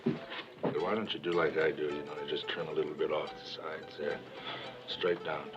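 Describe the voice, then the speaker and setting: A man's voice: extremely low pitch, level tone, normal speed. An actor playing an easygoing frontier man giving offhand advice in an old western film. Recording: dull old film audio with music behind.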